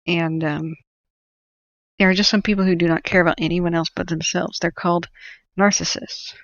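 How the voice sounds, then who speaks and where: Gravelly-voiced woman talking casually. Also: fairly low pitch, fairly even intonation, normal speed, no room sound. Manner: rambling, opinionated, with many fillers and restarts. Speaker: host. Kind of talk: casual livestream talk. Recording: dull lo-fi audio.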